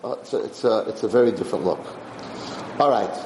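A man giving a Torah class, lively and animated, often acting out the people he quotes. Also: lowish voice, a little fast. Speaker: Torah teacher. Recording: roomy room echo, faint background hiss.

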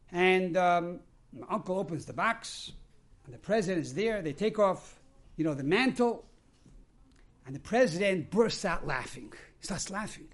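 A man's voice: high-pitched, animated, moderate pace. A man, a rabbi, giving a sermon and telling a story. He explains terms one after another.

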